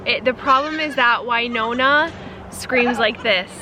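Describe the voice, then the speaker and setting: A woman in her forties chatting to camera on her small farm, animated and joking, now and then mimicking her goats' screams. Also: fairly high pitch, unhurried. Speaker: farm vlogger. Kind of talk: casual chat to camera. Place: outdoors in a goat pen on a small farm. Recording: noisy, goats bleating behind. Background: goats bleating.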